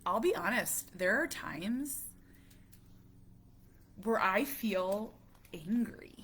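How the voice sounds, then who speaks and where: Emotional woman around forty, halting. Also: mid-range voice, expressive, a bit bright, a little hiss or hum. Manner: halting, emotional, many restarts; drops to a near whisper at heavy moments. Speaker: parent vlogger. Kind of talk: casual talk to camera.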